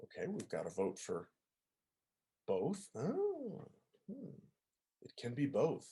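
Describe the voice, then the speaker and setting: A man's voice: mid-range voice, huge pitch swings, slow, mellow. Conversational man lecturing. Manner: conversational, asks the audience to confirm with frequent "right?" and "okay?". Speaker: music professor giving an online talk. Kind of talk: informal lecture over video call. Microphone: video call.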